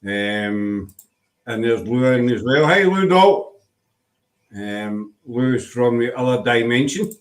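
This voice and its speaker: A man hosts a relaxed live chat show, bantering with his guest and reading viewer messages aloud. His voice sits at an ordinary pitch, and his delivery is easygoing and conversational. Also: slow. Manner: chatty, teasing, reads viewer comments aloud. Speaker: host. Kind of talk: casual livestream chat.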